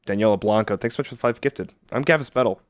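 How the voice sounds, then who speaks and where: A man's voice: on the low side, fast, dry recording. A man streaming live, chatting casually with viewers in a sarcastic, argumentative way.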